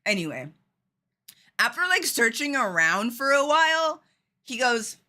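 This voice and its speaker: A woman streaming a game at home and telling a lively story to her chat, laughing often. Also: fairly high pitch, measured pace, pauses often. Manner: animated, laughing, chatty with fillers.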